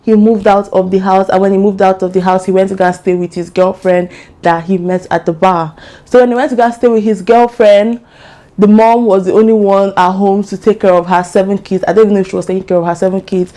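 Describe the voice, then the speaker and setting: Chatty African-accented woman, mellow voice. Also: medium pitch, fast talker. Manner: chatty, animated, acts out quotes, asides. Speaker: true crime vlogger. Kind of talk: casual storytelling.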